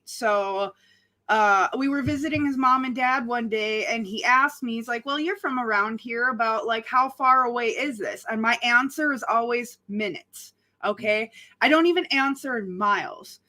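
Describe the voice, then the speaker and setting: A woman's voice: fairly high pitch, sharp tone. A woman from North Dakota co-hosting a casual chat show, chatty and giggly, often saying "like" and "okay". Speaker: podcast co-host.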